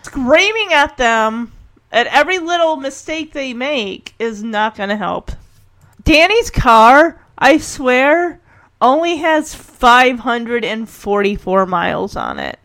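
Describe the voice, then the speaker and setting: A woman giving a casual reaction commentary, chatty and animated, retelling the scene. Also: a little high, takes it slowly. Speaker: video reactor.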